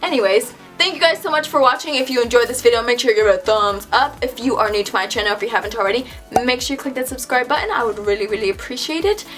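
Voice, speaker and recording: A young woman tells a story straight to camera in a slightly high voice, scattering "like" through every sentence. She is animated and exasperated. Faint music plays in the background. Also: quick pace, hardly any pauses. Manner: chatty, filler-heavy with frequent "like". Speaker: vlogger. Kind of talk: casual storytime chat.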